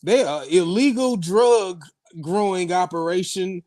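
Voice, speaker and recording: A man's voice: high-pitched, animated, measured pace, darkish tone. A man with a Milwaukee accent on a casual radio talk show, laid-back and profane, explaining with examples.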